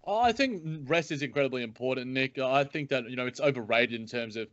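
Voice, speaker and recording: A man hosting a sports podcast, chatting in an animated, joking way with playful asides. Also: medium pitch, fast, no room sound. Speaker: podcast host. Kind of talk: casual sports podcast chat. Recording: dry, dull lo-fi audio.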